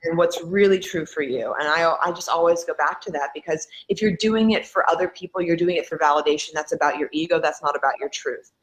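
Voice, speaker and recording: A woman's voice: sits low, fast talker, few pauses, a little hiss or hum, low-quality recording. A woman in her thirties speaking on a panel, reflective and earnest, building her points through repetition. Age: 30s. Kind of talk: casual panel discussion.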